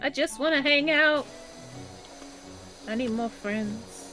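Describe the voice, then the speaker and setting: A woman's voice: high-pitched, slow, bright, forceful tone, faint music behind, low-quality recording. Laid-back female co-streamer. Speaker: co-streamer guest. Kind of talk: casual chat while gaming.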